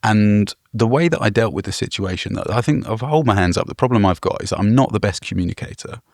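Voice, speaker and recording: Gravelly-voiced animated male co-host. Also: on the low side, fast, no echo, clean studio sound. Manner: animated storytelling, laughs often. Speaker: podcast co-host. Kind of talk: casual chat.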